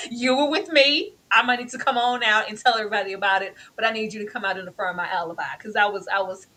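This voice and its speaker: A woman co-hosting a casual TV review chat, animated and exclamatory, playfully teasing. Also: medium pitch, fast, poor audio. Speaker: co-host reviewing a TV drama.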